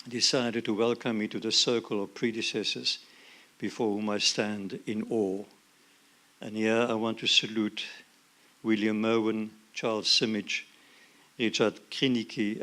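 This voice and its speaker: Man, lowish voice, slow and measured, formal acceptance speech. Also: sharp tone. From South Africa. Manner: slow, measured, solemn delivery. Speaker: award laureate.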